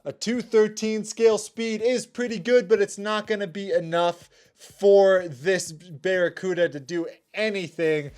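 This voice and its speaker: A young man hosting his channel, giving energetic play-by-play commentary on toy car races. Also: sits high, measured pace. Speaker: toy car race host. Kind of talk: race commentary vlog.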